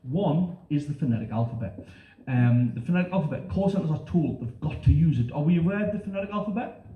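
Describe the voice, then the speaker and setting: A man's voice: a little high, fast talker, distant mic. A middle-aged man from northern England with a northern English accent, telling sweary stories in a stand-up comedy set and putting on voices for the people he quotes. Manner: brash, sweary storytelling with lively voices for quotes. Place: comedy club stage. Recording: roomy, dull live-club recording with noise.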